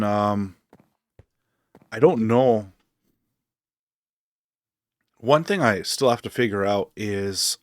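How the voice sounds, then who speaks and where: Streamer, male, low-pitched, relaxed rambling delivery, dry room sound. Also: no echo. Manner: relaxed, rambling, thinking aloud with fillers. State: hiccups. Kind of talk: casual gameplay commentary.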